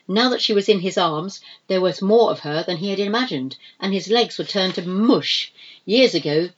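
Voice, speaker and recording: A woman reading a novel aloud in expressive, measured scripted narration. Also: lowish voice, highs cut off. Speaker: audiobook narrator.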